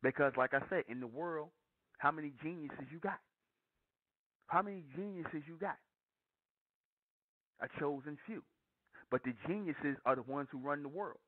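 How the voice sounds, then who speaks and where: A man's voice: fairly high pitch, moderate pace, pauses often, dry recording. A man preaching in a monologue, emphatic and repeating lines for stress. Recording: dry tinny phone-like audio.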